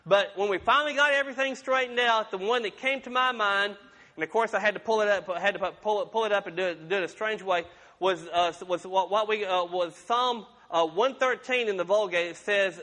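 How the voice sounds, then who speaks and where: A man's voice: sits high, fairly quick, pushed and bright. A man pastor preaching a sermon in a folksy, conversational way with humorous asides, in a church sanctuary. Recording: long reverb of a large room.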